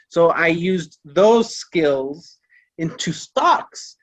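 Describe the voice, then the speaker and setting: A man's voice: on the high side, slow, a bit bright, dry recording. A man in a casual podcast chat, defensive and swearing heavily. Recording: dull lo-fi mic.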